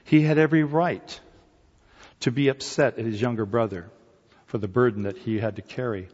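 A man preaching a sermon, retelling a parable with lively storytelling and acting out the figures' voices with rising excitement. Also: medium pitch, moderate pace, long reverb tail, lo-fi sound.

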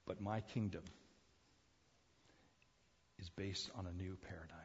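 A man preaching a sermon, telling the story in an animated way, acting out the crowd's voices and laughing often. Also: sits low, a little slow, in a large hall, dull audio, slight background noise.

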